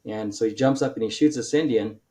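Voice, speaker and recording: On a relaxed podcast, a guest author with a mellow, fairly low voice tells a long story at a fairly quick clip. He keeps tripping over his words and starting sentences again, padding the gaps with ums and uhs.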